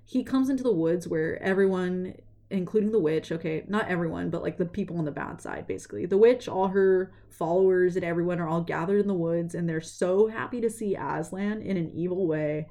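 A woman talking in a relaxed, rambling way, her voice sitting a little low. She retells a story casually and keeps filling gaps with "like" and "you know". She sounds earnest and thoughtful under the chatter. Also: fairly quick. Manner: earnest and reflective.

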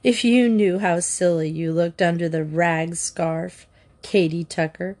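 A woman's voice: on the low side, fairly even intonation, a little slow, a little mellow, lightly acted. A woman reading a storybook aloud, voicing a scornful teenage girl who mocks her younger sister and her friends. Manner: mocking, haughty.

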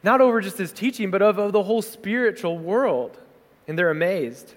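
A man preaching a sermon as pastor, conversational and animated, slipping into quick acted asides. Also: sits high. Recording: hall reverb.

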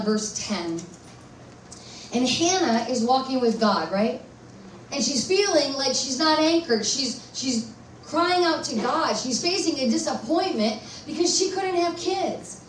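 A woman pastor preaching a sermon at a conference, animated and asking her listeners questions. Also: high-pitched, a little hiss or hum. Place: church conference hall. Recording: echoey room, voice from far off.

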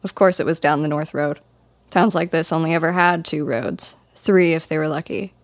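A woman's voice: deep voice, normal speed, no echo. A woman narrating a first-person fantasy audiobook in a dry, wry storytelling manner.

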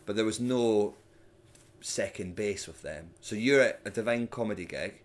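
A young Scottish man, a stand-up comedian, chatting casually on a podcast and telling animated stories. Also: lowish voice, normal speed. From Scotland. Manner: animated storyteller, mimics hecklers with loud sudden shouts.

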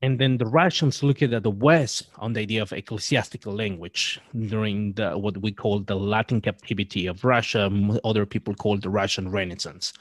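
A man appearing as a podcast guest, talking in a halting, scholarly way with frequent restarts. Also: fairly low pitch, steady tone, no room sound. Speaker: guest, Catholic writer and presenter. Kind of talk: podcast discussion.

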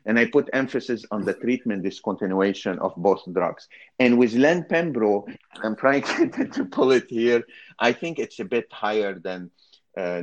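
A man's voice: fairly low pitch, muffled recording. A man, a kidney cancer specialist, talking through an expert panel discussion with many fillers and restarts.

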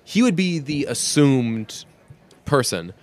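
A man's voice: medium pitch, very animated, slow pace. A young man co-hosting a podcast in casual chat, rambling through stories and laughing often. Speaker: podcast co-host.

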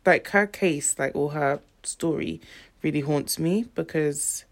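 A woman's voice: deep voice, a little slow. A woman co-hosting a podcast in casual chat, rambling with plenty of fillers. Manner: rambling, lots of "like". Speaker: podcast co-host.

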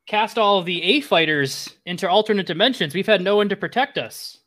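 A man's voice: sits high, fairly quick, fairly bright tone, voice pushed up. Man putting on a frail old hermit. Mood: pleading. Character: frail old male hermit, anxious and pleading.

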